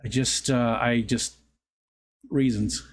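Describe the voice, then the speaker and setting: A man's voice: mid-range voice, steady tone, slow pace. A middle-aged man hosting a livestream, telling rambling stories in casual chat, often correcting himself and laughing. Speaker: livestream host.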